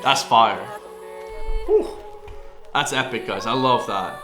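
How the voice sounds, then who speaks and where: An Irish man hosts a casual music reaction, keen and chatty, forever turning to the viewers. His voice sits at an ordinary pitch. The room around him is echoey. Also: slow pace. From Ireland. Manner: excitable, keeps addressing viewers as guys. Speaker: music reaction video host.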